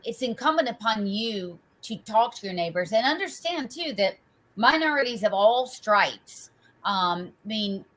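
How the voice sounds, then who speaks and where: A woman's voice: medium pitch, fairly bright tone, rough recording. A woman hosting a political talk show and wrapping up the conversation. She speaks casually and conversationally, with plenty of fillers and rhetorical asides.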